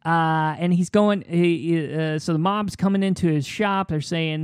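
Halting man riffing, dry close sound. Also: on the high side, steady tone, clean tone, no echo. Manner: halting, many fillers and restarts, chuckling. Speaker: improv pitch guest. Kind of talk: casual improvised chat.

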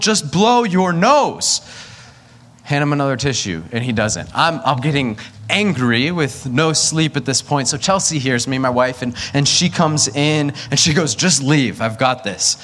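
A man's voice: mid-range voice, a bit bright. A man in his thirties, a pastor, preaching a sermon through a candid personal story and acting out family dialogue.

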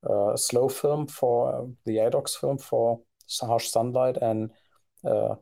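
A man's voice: mid-range voice, fairly even intonation, unhurried, gravelly, warm tone. A man co-hosting a podcast in casual conversation, talking hesitantly with many fillers and restarts. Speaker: podcast co-host.

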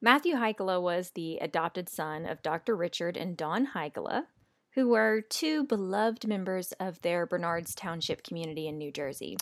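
A woman's voice: fairly low pitch, expressive, normal speed, no room sound. A woman co-hosting a podcast in casual chat, giggly and playful as she tells a story. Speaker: podcast co-host.

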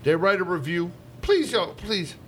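Brief: man, pizza shop manager, casual swearing storyteller, slightly high voice, faint background hiss. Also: sing-song, normal speed, fairly bright tone. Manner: profane, laughing storyteller.

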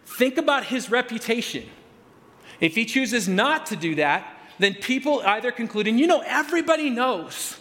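A man with a notably high voice preaches a sermon in a conversational way. He often restarts and repeats words, then leans hard on the key phrases. His voice rings out with the long reverb of a large hall. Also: expressive, normal speed, a bit bright. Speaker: pastor.

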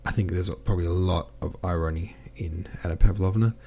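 A podcast host talking through a novel in a loose, rambling way. His voice sits low and has a dark, mellow tone. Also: steady tone, a little fast, slight background noise. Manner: rambling, conversational, reads listener comments aloud. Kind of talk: casual book discussion.

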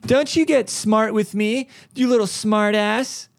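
A man putting on the voice of a frantic, entitled older woman customer who scolds a shop clerk in a shrill voice. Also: unhurried, vocal fry. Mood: scolding.

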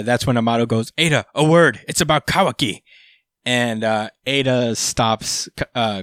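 A laid-back man talks through a casual recap, swearing freely and laughing often. His speech is loose and full of filler words. The recording is dry and close, with no room echo. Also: medium pitch.

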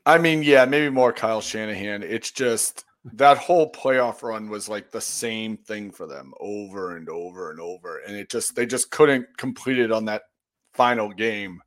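A man's voice: lowish voice, normal speed, fairly bright tone. A man co-hosting a podcast, talking casually in a thoughtful, rambling way. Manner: thoughtful, rambling with fillers and restarts. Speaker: podcast co-host. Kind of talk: casual chat.

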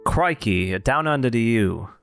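A man's voice: medium pitch, expressive, measured pace, vocal fry, fairly bright tone, faint music behind. A man in an improv comedy scene voicing a broke, scheming male mouse with a put-on Australian accent and a laid-back, hesitant drawl. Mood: cheery.

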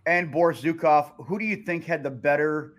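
Higher-voiced host reading listener questions. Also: male voice, moderate pace. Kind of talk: casual podcast chat.

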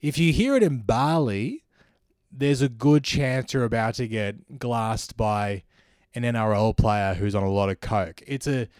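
A man's voice: mid-range voice, measured pace, darkish tone, dry recording, clean studio sound. A man with an Australian accent, hosting a satirical comedy podcast monologue in a sardonic, ranting manner. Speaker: comedian host.

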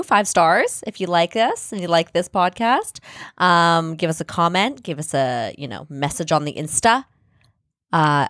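A woman's voice: on the low side, fairly bright tone, dry recording, studio quality. A woman co-hosting a podcast in casual chat, bubbly and giggly, who swears freely. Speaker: podcast co-host.

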